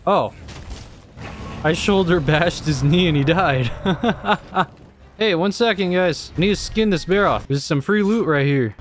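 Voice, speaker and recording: A man's voice: high-pitched, measured pace, slight background noise. A young man commenting on his own gameplay, exasperated and cursing often as he talks to himself. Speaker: gamer.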